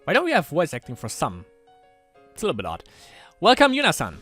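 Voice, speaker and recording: A man's voice: fairly high pitch, huge pitch swings, fast, fairly bright tone, husky, faint music behind. A man doing casual let's-play commentary, reading a visual novel aloud with rambling asides and frequent laughter.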